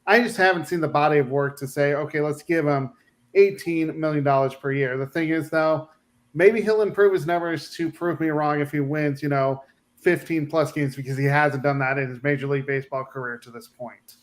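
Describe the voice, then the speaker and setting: A man on a sports talk panel, laying out contract figures and stats in a measured way. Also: fairly high pitch, fairly even intonation. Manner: measured, numbers-focused.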